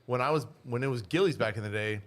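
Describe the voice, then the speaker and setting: A man's voice: mid-range voice, fast. Blunt, profane man on a podcast. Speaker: podcast co-host. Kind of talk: casual banter. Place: small podcast studio.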